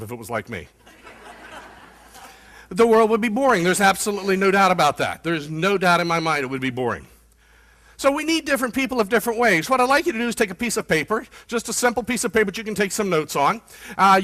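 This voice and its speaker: A man giving an energetic, fast-paced motivational keynote talk to a room of people, often quizzing the audience. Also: high-pitched. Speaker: keynote speaker.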